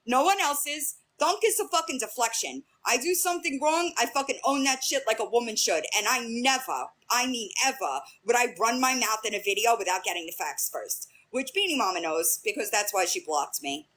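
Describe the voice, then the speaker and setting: A woman's voice: fairly high pitch, animated, moderate pace, hardly any pauses, a bit bright. A young woman hosting a livestream, bluntly retelling an argument line by line with plenty of swearing. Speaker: livestream host. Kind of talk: casual livestream rant.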